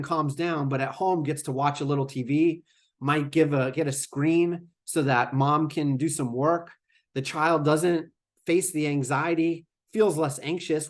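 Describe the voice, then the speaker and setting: A man presenting a webinar lecture in a conversational way, with fillers and asides to the audience. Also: a little high. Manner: conversational, with fillers and acted-out quotes. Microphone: remote webinar microphone.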